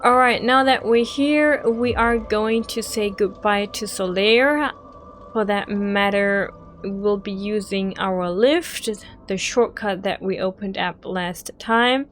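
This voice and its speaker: A woman's voice: mid-range voice, slow pace, soft background music. Chatty woman narrating gameplay. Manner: emotional, chatty guide. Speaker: game walkthrough host. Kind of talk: gameplay commentary.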